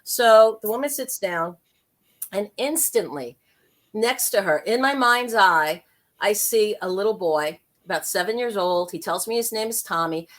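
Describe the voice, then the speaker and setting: A woman guest on an interview show, telling a story in a lively, chatty way with quick asides. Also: mid-range voice. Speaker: guest, intuitive life coach and medium.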